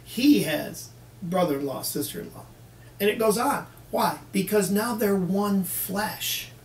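A man's voice: sits high, measured pace. A man preaching a folksy sermon who acts out both sides of little dialogues with the congregation. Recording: echoey room, mic at a distance, faint background hiss.

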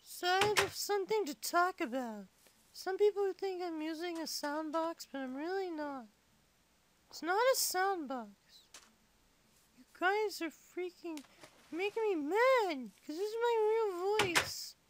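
A performer voicing a squeaky little kid gamer who chatters and complains while playing. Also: animated, slow pace, slight background noise, heavily acted. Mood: chatty. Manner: chatty, complains to itself, mumbles while sorting items. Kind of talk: game playthrough commentary in character.

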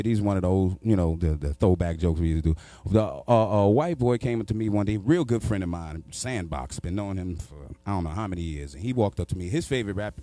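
A man's voice: on the low side, mellow, no echo. A man from New York doing a stand-up set, telling profane stories and working the crowd. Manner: profane, storytelling, crowd work. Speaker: stand-up comedian.

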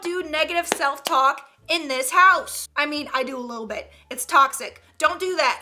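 A woman's voice: high-pitched, lively intonation, moderate pace, few pauses, bright, forceful tone. A young woman in her twenties giving casual comedic commentary, chatty and laughing often with playful slang. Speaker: YouTuber reacting to memes.

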